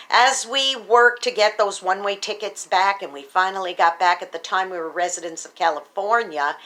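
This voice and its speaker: An American woman speaks to her viewers in a bright, clear voice, telling a story in an earnest, heartfelt way. She sits at a middle pitch and talks straight to her audience as if they were a class. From United States. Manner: earnest and patriotic, addresses viewers as boys and girls. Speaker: vlogger and speaker. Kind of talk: personal storytelling to camera.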